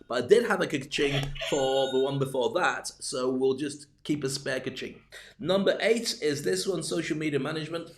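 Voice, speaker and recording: A man's voice: medium pitch, noisy background. A man hosting a live-streamed business talk, rambling with jokey, self-deprecating asides. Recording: roomy echo.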